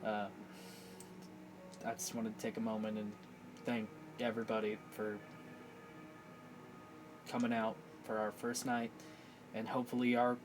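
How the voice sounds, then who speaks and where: A man narrating a tabletop game as game master, halting, with many fillers. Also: lowish voice, completely flat delivery, low-quality recording. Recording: clear music bed behind voice.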